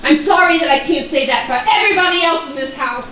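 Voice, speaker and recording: An actress playing a feisty sixteen-year-old daughter on a live stage, sarcastic and scornful with rapid outbursts. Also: female voice, sits high, bright, forceful tone, a little hiss or hum. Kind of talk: live stage play acting. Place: theater stage. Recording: echoey stage from far off, faint ambience.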